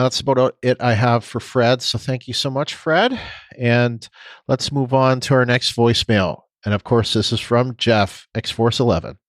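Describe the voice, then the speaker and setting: A man with a lowish voice talks casually as a podcast co-host, trailing off and restarting his thoughts. The sound is dry and close. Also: dry recording. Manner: rambling, hesitant, many restarts. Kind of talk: casual chat.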